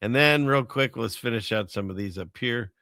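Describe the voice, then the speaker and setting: A man's voice: medium pitch, normal speed, sharp tone, no room sound, clean studio sound. A man hosting a casual chat show, rambling through items and chuckling at his own jokes. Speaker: podcast host.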